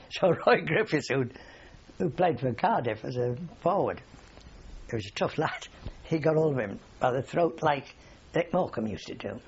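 Gravelly, husky older man reminiscing. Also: mid-range voice, animated, measured pace, dull audio. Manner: rambling anecdotal storytelling, chuckles often. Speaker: war veteran interviewee. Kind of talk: oral history interview.

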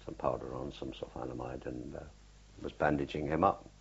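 An older man with a very low, husky voice recalls his wartime days in an oral history interview. He tells it haltingly, circling back with fillers and restarts. The recording is dull and lo-fi, like an old archive tape. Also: flat delivery. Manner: halting, unhurried storytelling with many fillers and restarts. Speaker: war veteran interviewee.

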